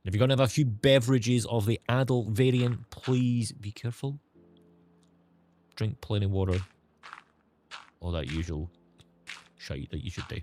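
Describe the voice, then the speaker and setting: A man's voice: fairly low pitch, moderate pace, pauses often, noisy background. A man streaming a game, chatting casually with viewers in a sarcastic tone and swearing freely.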